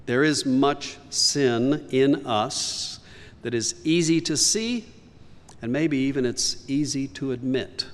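A man's voice: medium pitch, takes it slowly, big-room sound. A man preaching a sermon as pastor, earnest and emphatic, rising on key lines.

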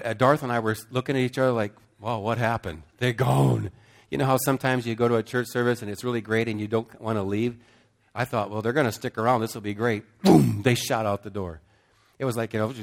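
A middle-aged man preaching, telling a story with emphatic swings between loud bursts and hushed, slow passages. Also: on the low side. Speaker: pastor. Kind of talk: sermon storytelling.

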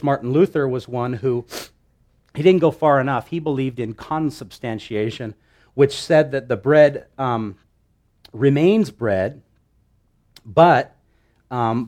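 A male pastor preaching a sermon, teaching with lively asides and rhetorical questions to his listeners. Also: mid-range voice.

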